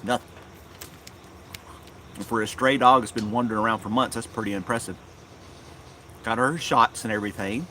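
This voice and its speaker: A man chatting casually on a live stream in his yard, rambling and unhurried, talking fondly to his dog. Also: fairly low pitch, bright, forceful tone, slight background noise. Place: outdoors in a yard.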